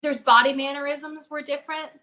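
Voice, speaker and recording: A middle-aged woman, a spiritual advisor, tells a personal story as a podcast guest, earnest and halting, often restarting her phrases. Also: high voice, flat delivery, pushed and bright, rough recording.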